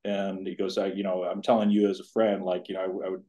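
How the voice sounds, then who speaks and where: The speaker, a college tennis coach in his fifties, recounts a personal story in a podcast interview. His low, dark voice barely shifts in pitch and moves fast. He comes across as earnest, wandering off into frequent asides.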